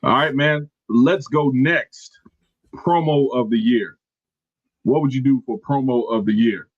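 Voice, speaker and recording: A man's voice: medium pitch, a little slow, dry recording. A man co-hosting a wrestling podcast, talking in a laid-back, slangy way and sometimes hunting for a name. His voice sits mid-range, recorded dry. The sound is slightly dull and lo-fi. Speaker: podcast co-host. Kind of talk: casual wrestling podcast chat.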